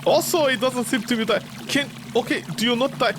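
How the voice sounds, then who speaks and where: A man's voice: very high-pitched, a little fast, over music. A man doing joking let's play commentary on a horror game, rambling and breaking into mock outrage and yelps. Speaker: gaming streamer.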